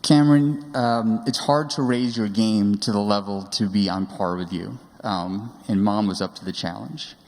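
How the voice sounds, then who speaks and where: A father in his forties tells fond stories about his daughter, sometimes hesitating with fillers. His voice sits low, and it rings out with a long reverb in a large sanctuary. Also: a little mellow. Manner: halting, with fillers, fond storytelling. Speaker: parent giving a speech. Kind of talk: personal storytelling speech.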